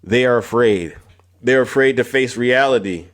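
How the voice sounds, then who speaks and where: A man's voice: medium pitch, moderate pace. Confrontational male livestream host. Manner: confrontational, repetitive, calling out viewers by name; rising emphatic peaks on repeated phrases. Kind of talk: political livestream talk.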